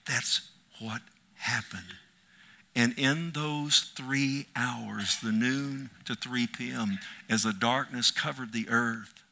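A man preaching an impassioned sermon as pastor, swinging from loud cries to hushed whispers. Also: mid-range voice, vocal fry.

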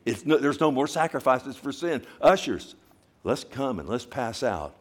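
A man preaching a sermon at a church service, with emphatic bursts, quiet slowed stretches and repeated questions to the congregation. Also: mid-range voice, sing-song, slightly rough. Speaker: pastor.

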